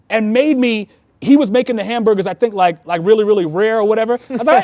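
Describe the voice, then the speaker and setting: High-voiced earnest New man. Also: rapid-fire, a little mellow, dry recording. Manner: earnest, heartfelt storytelling. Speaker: Freemason, past master. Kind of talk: casual conversation.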